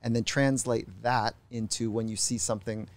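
A middle-aged man, a psychologist guest on a podcast, telling stories in a reflective, unhurried way. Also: medium pitch, fairly even intonation. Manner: reflective, unhurried, acts out quoted voices. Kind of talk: podcast interview storytelling.

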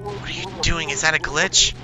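A man's voice: on the high side, normal speed, music in the background. A young man hosting a gaming channel, giving jumpy let's-play commentary and talking to himself and to the monsters chasing him.

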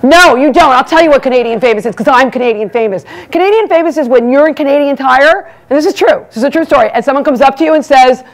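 A woman doing a brash stand-up monologue as master of ceremonies, teasing the crowd and talking fast. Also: sits high, expressive. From United States. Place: banquet hall before a live audience.

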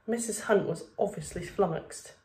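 A woman's voice: medium pitch, normal speed, darkish tone. A woman, a primary school teacher reading a children's novel aloud to her class.

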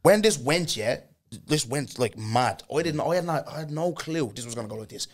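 A man's voice: fairly high pitch, animated, brisk. A young man with an Irish accent hosting a podcast in blunt, slangy casual chat. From Ireland. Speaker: podcast host.

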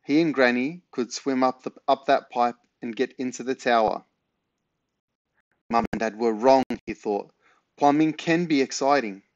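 A man reading a children's book aloud in an unhurried, relaxed way. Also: medium pitch, dry recording, dull audio. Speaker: reader.

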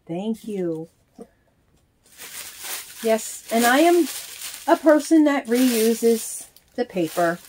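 A woman casually talking through opening a package in a chatty, halting way, counting things aloud. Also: medium pitch, darkish tone, slight background noise. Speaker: reborn doll vlogger. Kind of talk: casual unboxing vlog.

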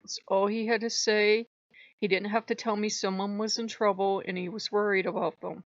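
A woman chatting to her viewers, her voice gravelly with fry as she tells an exasperated story full of laughs. The recording is dry and a little dull and lo-fi, like a home setup. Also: mid-range voice, little pitch movement, moderate pace, dry recording. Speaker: vlogger on a spirituality channel. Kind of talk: casual chat.

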